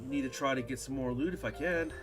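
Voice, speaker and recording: A man's voice: mid-range voice, fast talker. A man chatting casually on a live stream, laughing often and swearing casually. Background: music.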